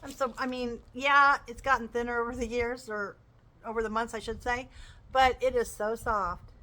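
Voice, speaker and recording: A crochet vlogger enthusiastically shows off her purchases in a casual show-and-tell chat. Her fairly high voice is steady and sharp-toned, spoken at normal speed, though the recording is rough.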